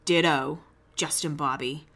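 A woman's voice: low-pitched, fairly even intonation, a little slow, fairly bright tone. A woman hosting a podcast, giving a casual, gossipy recap and acting out quoted lines in shifting voices, with the odd casual swear. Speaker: podcast host recapping a reality show. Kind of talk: casual chatty recap commentary.

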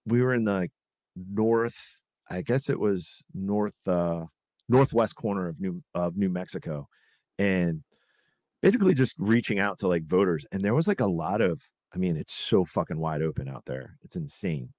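A low-pitched man talking loosely on a podcast, full of fillers, restarts and profanity. His voice sounds close and dry, with almost no room around it. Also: expressive, normal speed, a little mellow, no room sound. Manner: rambling, profane, many fillers. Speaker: podcast host. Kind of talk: casual podcast chat.

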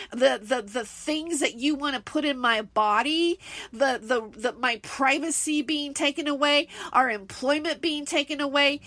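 A woman's voice: high-pitched, bright, forceful tone, no echo. A woman hosting a solo podcast, talking in an indignant, heated, rambling way with many fillers. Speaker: podcast host.

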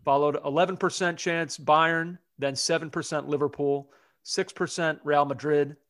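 A man's voice: a little high, steady tone, moderate pace, fairly bright tone, no room sound, studio quality. A man hosting a sports podcast, chatting casually and leading the discussion. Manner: conversational, leads the segment. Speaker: podcast host.

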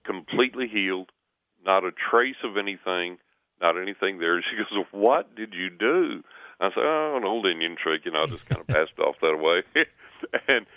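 Deep-voiced man telling stories over a phone line. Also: moderate pace, no room sound. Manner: animated storyteller, acts out quoted voices. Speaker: guest. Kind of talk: conversational storytelling.

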